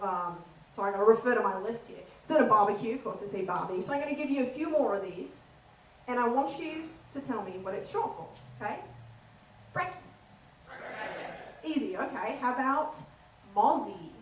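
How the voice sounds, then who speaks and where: A woman's voice: fairly high pitch, roomy sound, far from the mic, a little hiss or hum, poor audio. A woman doing a stand-up comedy set in an Australian accent, playful and teasing the audience in a comedy theater.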